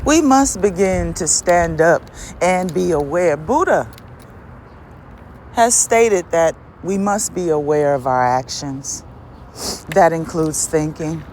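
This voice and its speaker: Woman preaching on her podcast, slow and swoopy, faint traffic hum behind. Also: darkish tone. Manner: emphatic, rhetorical questions, laughs often; dramatic swings from high exclamations to low drawl. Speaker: podcast host. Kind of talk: preachy motivational monologue.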